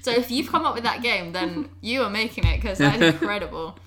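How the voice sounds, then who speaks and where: A woman's voice: medium pitch, expressive, brisk, a bit bright. A woman co-hosting a casual chat, giggling often and poking fun at herself. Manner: giggly, self-deprecating. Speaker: podcast co-host guessing.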